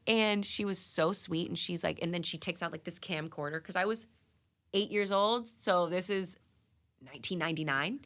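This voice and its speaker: A woman in her thirties from New England, a singer guest telling stories in a radio studio interview, animated and laughing, with lots of "like" fillers. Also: fairly low pitch, normal speed. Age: 30s. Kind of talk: casual interview storytelling.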